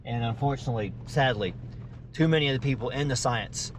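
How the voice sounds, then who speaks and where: A man with a medium-pitched voice keeps up a brisk pace while chatting in a relaxed, homespun style. He's an off-road vlogger describing the trail as he drives his Jeep, with the engine and road audible underneath.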